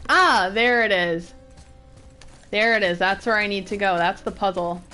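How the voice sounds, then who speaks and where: A woman's voice: medium pitch, a little slow, pushed and bright, faint music behind. A young woman chatting casually while playing a video game, laughing and thinking aloud when puzzled. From northern United States. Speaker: streamer. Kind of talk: casual gameplay commentary.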